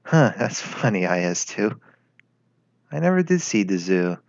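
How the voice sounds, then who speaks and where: A man's voice: fairly low pitch, big pitch swings, a little slow, creaky, no echo, heavily acted. A man doing a grumbling young German commander. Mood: uneasy. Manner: sarcastic, flustered and grumbling. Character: exasperated young male German tank commander. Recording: lo-fi with faint music.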